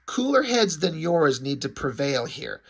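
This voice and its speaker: A man's voice: on the high side, very animated, a little slow, creaky, a bit bright, exaggerated voice. A man reading aloud the lines of a stern male superhero who tries to keep the peace, in a firm, placating tone. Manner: firm, placating read-aloud of comic dialogue.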